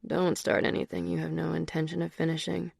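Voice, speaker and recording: A woman narrator voicing a confident, seductive adult man who speaks in a low, hushed murmur. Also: monotone, fairly quick, gravelly, slightly rough, no room sound, clean studio sound, heavily acted. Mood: intimate.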